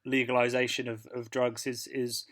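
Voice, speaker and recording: A man's voice: medium pitch, normal speed. Guy chatting on a podcast, laid back, laughs a lot. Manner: relaxed, chatty, laughs while telling stories. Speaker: podcast co-host. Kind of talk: casual chat.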